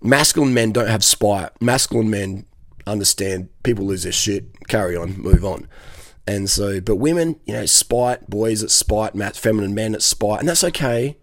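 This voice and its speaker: A man's voice: fairly low pitch, normal speed, dry recording. A man giving dating advice in a blunt, profane, rambling monologue, often checking in with "okay?". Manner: rambling, swears freely, keeps checking in with "okay?".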